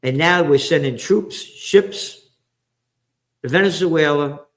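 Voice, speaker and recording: A man's voice: a little high, slow, long pauses, a bit bright. A man from the Bronx, hosting ranting political commentary in a profane, sarcastic, heated way, jumping from topic to topic. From the Bronx, New York. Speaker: commentator and host.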